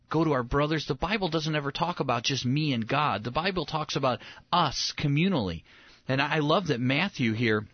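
A man, a pastor, giving conversational Bible teaching, animated and repeating words as he builds momentum. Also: mid-range voice, dry recording, muffled recording. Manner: animated, acts out quoted voices, repeats words when excited.

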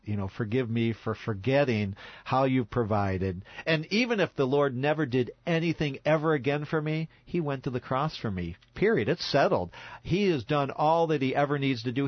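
A man's voice: medium pitch, no room sound, lo-fi sound. Earnest, reflective man in a Bible talk. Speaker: Bible study podcast co-host. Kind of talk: casual Bible discussion.

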